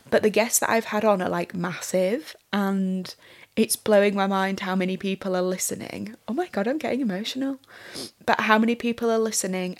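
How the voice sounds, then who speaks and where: Candid chatty woman podcaster. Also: mid-range voice. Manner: candid, chatty, swears freely, many "like" fillers. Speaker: podcast host. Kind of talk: solo podcast chat.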